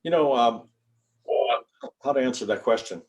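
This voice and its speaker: A man's voice: mid-range voice, animated, normal speed, a little mellow. An older man, a chiropractor, giving an informal lecture to students in a folksy, rambling way and spelling out terms. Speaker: guest speaker, chiropractor.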